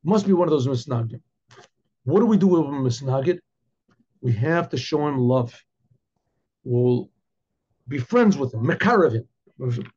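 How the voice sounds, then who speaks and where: A man who is a rabbi, telling a story in an animated way and often repeating words. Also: medium pitch, a little slow, long pauses, husky. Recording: dull lo-fi recording.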